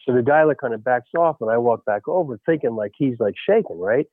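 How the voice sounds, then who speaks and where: A former baseball coach telling a lively story in a radio interview, peppering his talk with "you know" and "right?". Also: medium pitch, brisk. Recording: tinny phone line.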